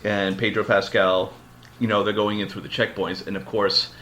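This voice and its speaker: Male podcast host, loose rambling storyteller, lower pitch with a sharp, forceful tone. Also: little pitch movement, normal speed, slight background noise. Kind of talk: casual chat.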